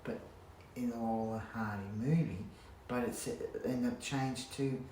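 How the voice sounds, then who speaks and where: Man, casual vlog rant, halting and sweary, echoey home recording. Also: medium pitch, fairly even intonation, a little mellow. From Australia. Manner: rambling, halting restarts, blunt swearing. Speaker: vlogger. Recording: roomy echo, faint background hum.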